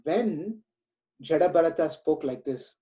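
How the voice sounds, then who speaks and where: A man teaching from scripture in an earnest, explanatory storytelling manner. His voice is mellow and a little high-pitched. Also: expressive, measured pace, dull audio. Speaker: spiritual lecturer. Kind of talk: scripture lecture.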